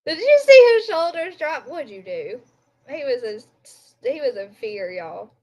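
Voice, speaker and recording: A woman's voice: high-pitched, sing-song, measured pace, a little mellow, a little hiss or hum. A woman hosting a casual livestream from home at night, chatting and giggling with her viewers and talking to her pet. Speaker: livestream host. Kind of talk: casual live chat with viewers.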